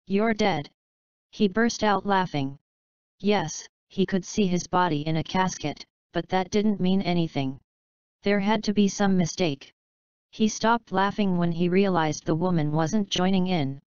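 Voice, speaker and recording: Woman audiobook narrator, very clear and low-ish, dull lo-fi, dry sound. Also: unhurried, darkish tone, no room sound. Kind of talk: scripted narration.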